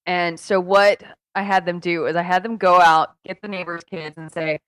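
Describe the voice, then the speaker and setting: A woman's voice: lowish voice, fairly even intonation, moderate pace, few pauses, a bit bright, clear, resonant tone, no echo. A woman co-hosting a podcast in casual chat, giggling and self-deprecating as she tells a story. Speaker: podcast co-host.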